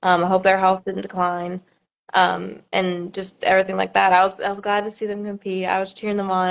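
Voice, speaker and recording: A woman's voice: on the low side, gravelly, a bit bright. Young woman, chatty with nervous laughter. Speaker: pageant contestant. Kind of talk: live-stream Q&A.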